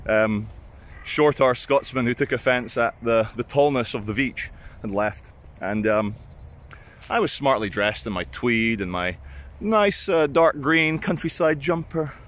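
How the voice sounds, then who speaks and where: A man's voice: medium pitch, lively intonation, slow, pauses often, a bit bright. Rambling British man telling stories. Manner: rambling, crude, self-mocking. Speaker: vlogger. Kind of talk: casual anecdotal storytelling.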